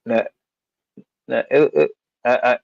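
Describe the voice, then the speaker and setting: A man's voice: mid-range voice, steady tone, creaky, darkish tone, dry recording. Coach guy chatting hoops, trips over his words a lot, dull dry lo-fi sound. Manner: halting, restarts sentences, laughs easily. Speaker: basketball coach guest. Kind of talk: casual sports talk.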